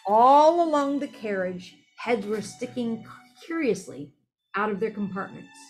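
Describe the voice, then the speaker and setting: A woman's voice: on the high side, expressive, measured pace, a little mellow, soft background music. A woman narrating a children's fantasy story aloud, reading expressively and occasionally correcting herself. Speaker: audiobook reader.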